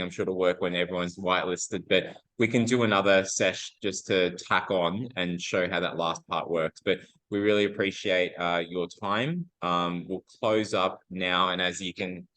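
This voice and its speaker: A man's voice: sits low, fairly even intonation, unhurried, fairly bright tone, rough recording. A man hosting a community talk, thanking the presenter in an upbeat, informal way. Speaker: community event host. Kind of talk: closing thanks at a live talk.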